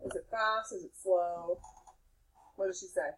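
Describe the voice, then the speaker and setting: A woman's voice: fairly low pitch, fairly even intonation, measured pace, poor audio. A woman teacher questioning her class in a casual, prompting way about a passage they just read.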